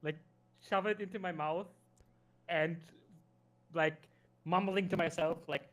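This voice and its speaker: A man with a non-native English accent, a player at a tabletop game, talks in a bright, slightly high voice. He is playful and quick to giggle, and grumbles as his character. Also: steady tone. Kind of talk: tabletop role-play.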